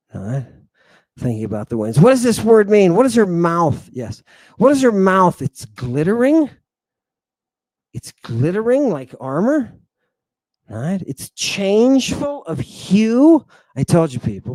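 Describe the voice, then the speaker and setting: A man's voice: a little high, mellow, no room sound. A man hosting a lecture on ancient Greek words, enthusiastic and digressive, who calls his listeners "people," stumbles over terms and corrects himself. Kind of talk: livestream lecture, talking to viewers.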